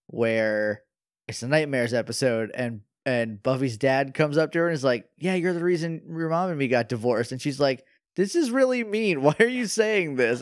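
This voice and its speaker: A man co-hosting a podcast, tossing out quick, wry reactions and swearing freely. His voice sits in a middle range, and the sound is dry and close. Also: medium pitch, no echo. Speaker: podcast co-host. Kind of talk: casual chat.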